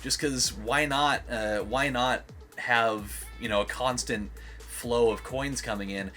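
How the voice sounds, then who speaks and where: A man's voice: mid-range voice, fairly even intonation, takes it slowly, pushed and bright, faint music behind. A young man giving casual gameplay commentary as a let's play host, rambling with lots of fillers and swearing.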